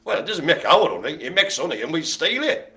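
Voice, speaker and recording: Lively, bright-voiced bingo host. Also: male voice, on the high side, fast. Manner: jokey and rambling, talks to a helper off-mic. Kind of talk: live-streamed bingo banter.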